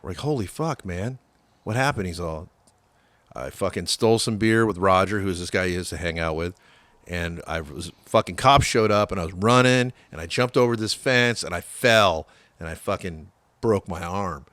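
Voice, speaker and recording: A man's voice: sits low, moderate pace, fairly bright tone, dry recording. A man telling a long rambling story in a casual interview, swearing freely and acting out what people said. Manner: profane, rambling, acts out quoted dialogue. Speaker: guest musician.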